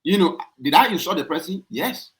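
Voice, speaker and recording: A man with a Liberian English accent hosting a podcast and arguing his point, repeating himself and jumping up high when worked up. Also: expressive, fairly quick, rough recording. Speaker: podcast host. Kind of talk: heated podcast debate.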